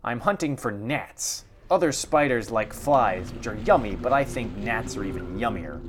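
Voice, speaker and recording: A man's voice: on the low side, lively intonation, normal speed, a little hiss or hum, close to an everyday voice. A happy spider bounces along, cheerful about its meal of gnats, put on by a man reading aloud. The voice stays close to his ordinary male speaking voice. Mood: gleeful.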